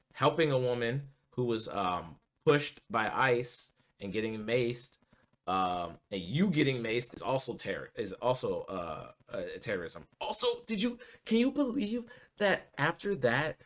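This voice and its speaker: A man's voice: medium pitch, a bit bright. Heated, profane male political ranter. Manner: heated, profane, many fillers and restarts. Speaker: political commentary vlogger. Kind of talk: casual political rant.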